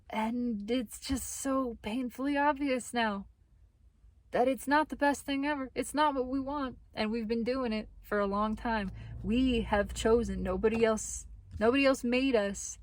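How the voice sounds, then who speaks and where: A woman's voice: on the high side, slow pace, a little hiss or hum. Casual woman giving a tarot reading. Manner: animated, laughs often, swears casually. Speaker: tarot reader.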